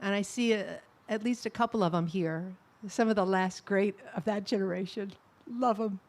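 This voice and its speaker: A middle-aged woman giving a personal eulogy at a memorial service, telling fond anecdotes with soft laughs. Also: medium pitch, moderate pace.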